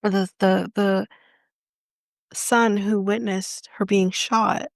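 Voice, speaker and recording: A woman's voice: medium pitch, flat delivery, extremely slow, gravelly, no echo, studio quality. A Canadian woman co-hosting a podcast, retelling a story in casual chat in an indignant, impassioned and blunt way. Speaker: podcast co-host.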